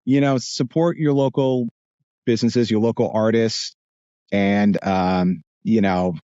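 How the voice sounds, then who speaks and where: A man with a New Jersey accent, a voice actor chatting casually as a podcast guest, animated and rambling with restarts. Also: fairly low pitch, a little slow, no room sound, muffled recording.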